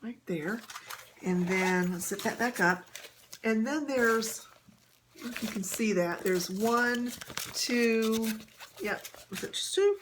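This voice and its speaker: A woman vlogging casually, chatting gently with many fillers and soft laughs as she shows items and tells a story. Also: on the high side, slow pace, pauses often, slight background noise. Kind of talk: casual haul and story vlog.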